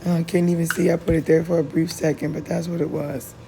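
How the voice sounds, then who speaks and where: A woman with a deep, raspy voice that is worn hoarse, talking through a home cooking voice-over in a loose, slangy, chatty way. Her tone is gravelly and rough, and a faint hiss of noise sits under the recording. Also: level tone, brisk, dark tone. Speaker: cooking vlogger.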